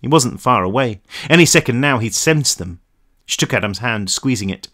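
A man, the author, narrating his own novel aloud in an expressive storytelling manner. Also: mid-range voice, normal speed. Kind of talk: audiobook narration.

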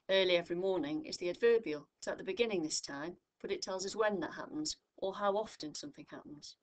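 Patient woman teaching grammar, lowish voice. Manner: clear, patient, stresses example phrases. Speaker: English tutor. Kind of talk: recorded grammar lesson.

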